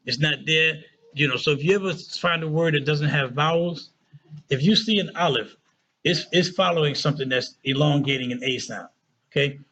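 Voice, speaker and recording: A man teaching a casual Arabic lesson who often checks in with "right?" and "okay?" and slows down to spell out words. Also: fairly high pitch, a bit bright, muffled recording.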